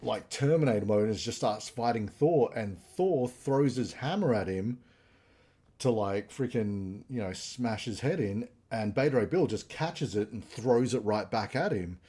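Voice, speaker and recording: A man co-hosting a live review stream, retelling comic plots in a rambling, animated casual chat. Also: medium pitch, measured pace, slightly rough.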